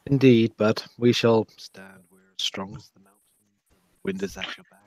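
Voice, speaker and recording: A grave old keeper speaks in a low, hushed voice, as a game master puts him on. His warnings are cryptic and solemn, and some of his words fall to a whisper. The sound is close and dry, with no room around it. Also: steady tone, normal speed, no room sound, lightly acted, rough recording. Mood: reassuring.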